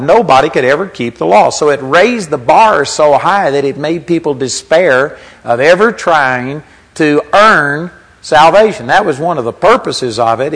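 A man's voice: a little high, rough recording. A man preaching a sermon in a conversational teaching manner, reading scripture aloud as he goes.

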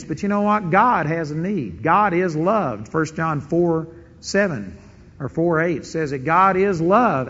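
A middle-aged man preaching a sermon, telling stories and acting out prayers in an animated way. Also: on the high side, big-room sound, dull audio. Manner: animated storytelling with quoted prayers and chuckles.

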